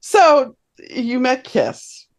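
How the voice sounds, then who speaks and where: A woman's voice: high voice, big pitch swings, extremely slow. A middle-aged woman hosting an interview, chatting casually and sharing personal anecdotes. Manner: conversational, tells personal anecdotes. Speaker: podcast host.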